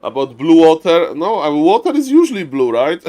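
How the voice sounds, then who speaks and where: A man who is not a native English speaker, casting a game live on stream in a showy way, chatting with viewers and greeting them warmly. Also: on the high side, big pitch swings, normal speed. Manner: showman-like, keeps repeating "ladies and gentlemen". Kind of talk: live esports commentary.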